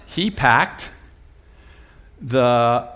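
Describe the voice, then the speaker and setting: A middle-aged man preaching with a lively, self-mocking storytelling delivery. His voice sits at an ordinary male pitch, and he often breaks into laughter as he goes. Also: drawn-out words. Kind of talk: humorous sermon storytelling.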